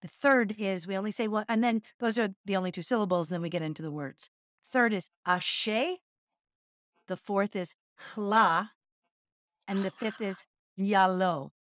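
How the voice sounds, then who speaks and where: A middle-aged woman co-hosts a podcast as a yoga teacher, chatting casually yet earnestly while she teaches a chanted breathing practice and laughs at herself. Her voice is medium-pitched at a moderate pace, with studio-quality sound and no room sound.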